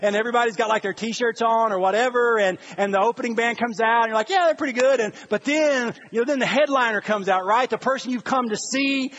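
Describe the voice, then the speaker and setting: A middle-aged man gives an animated, storytelling sermon, breaking into excited shouts. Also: very high-pitched, brisk, hardly any pauses, lo-fi sound, slight background noise. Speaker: pastor.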